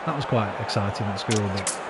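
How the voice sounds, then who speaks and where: Music plays behind a British man in his thirties who is streaming a football game and venting at his team. He has a lowish voice and a brisk pace, cursing freely in casual commentary against a noisy backdrop.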